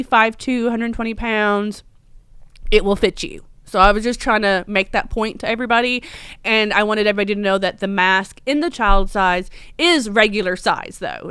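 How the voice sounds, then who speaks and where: A woman running a casual live stream from her store, chatty and excitable, with lots of ums. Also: mid-range voice, clean tone, no echo. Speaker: shop owner hosting a livestream.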